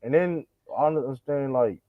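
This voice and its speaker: A man's voice: mid-range voice, no room sound, narrow, tinny audio. A man in a heated sports debate, repeating himself and talking over the others. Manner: fast, repetitive, talks over others. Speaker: podcast panelist.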